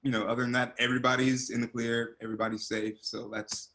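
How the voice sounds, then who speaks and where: A man in his forties, an actor, chatting as an interview guest over a video call and telling stories animatedly, with loud excited quotes. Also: mid-range voice, fast talker, low-quality recording. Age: 40s.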